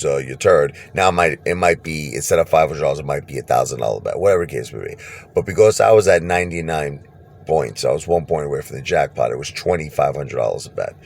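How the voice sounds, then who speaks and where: A man telling a personal story casually, animated, laughing and acting out what people said. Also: very deep voice, gravelly. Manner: animated, laughs and acts out quotes.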